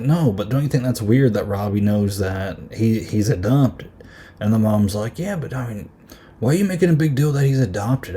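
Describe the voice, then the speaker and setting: Chatty low-voiced man recapping a film. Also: mellow. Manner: chatty, many fillers, acts out quoted lines in quick voices. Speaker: podcast host. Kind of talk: casual film review recap.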